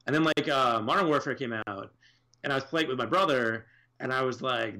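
A man's voice: mid-range voice, fast talker, a bit bright. A man co-hosting a podcast in casual chat, rambling and swearing with many fillers. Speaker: podcast co-host.

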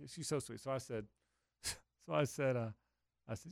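A man's voice: mid-range voice, moderate pace, creaky, long pauses, no room sound, clean studio sound. A middle-aged man hosting a sports radio show, telling a rambling, self-mocking story with lots of restarts and laughter. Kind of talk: casual radio banter.

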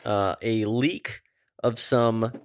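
Low-voiced man in laid-back podcast chat. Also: fairly even intonation, drawn-out words, clean tone, no echo, studio quality. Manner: rambling, filler-heavy, laid-back. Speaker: podcast co-host. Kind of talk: casual chat.

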